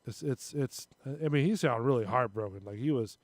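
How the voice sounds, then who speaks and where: A man's voice: medium pitch, a little fast, no echo. A man hosting a casual live-stream talk show, rambling and retelling stories with little voices. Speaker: show host.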